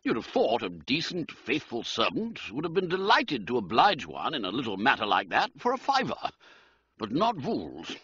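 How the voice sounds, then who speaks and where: A man's voice: medium pitch, huge pitch swings, moderate pace, sharp tone, slightly rough, dull audio. A man narrating a comic story theatrically, voicing every character. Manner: theatrical, swooping, playing all characters. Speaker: audiobook narrator.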